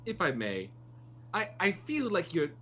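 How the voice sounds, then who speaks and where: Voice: mid-range voice, wildly swooping pitch, measured pace, bright, forceful tone, slight background noise, heavily acted. A player voicing an earnest robot first mate who stammers and tries to please.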